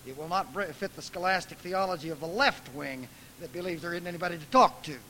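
Male preacher, bright and forceful, emphatic with big dynamic swings, faint hiss behind. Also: high voice, expressive, quick pace, rough recording. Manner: emphatic, swinging from soft asides to loud dramatic outbursts. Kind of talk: lecture-style preaching.

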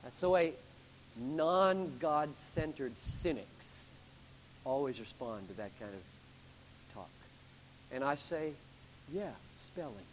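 A man pastor delivering a sermon with emphatic preaching, building to loud climaxes and then dropping low. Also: slow, pauses often, long reverb tail, slight background noise, low-quality recording.

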